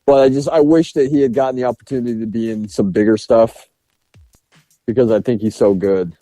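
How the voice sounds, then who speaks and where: A man's voice: medium pitch, steady tone, a little fast, warm tone, no echo, soft background music. A man co-hosting a podcast, reviewing a film in casual chat, laughing often and swearing enthusiastically. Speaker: podcast co-host.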